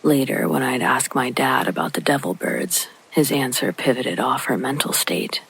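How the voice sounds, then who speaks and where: A man reading a first-person horror story as scripted narration, hushed and slow, often sliding into a breathy near-whisper, with rain falling behind him. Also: mid-range voice, poor audio.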